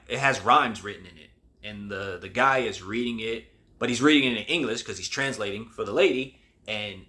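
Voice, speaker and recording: A man's voice: medium pitch, bright, forceful tone. Casual rambling male movie reviewer. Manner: rambling, conversational, many restarts. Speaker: host.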